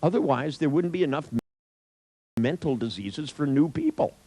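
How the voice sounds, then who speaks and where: A man's voice: on the high side, animated, moderate pace, dark tone, no echo, rough recording. A middle-aged man telling an anecdote in a wry, irreverent way, swearing freely. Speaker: storyteller. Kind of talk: profane anecdotal storytelling.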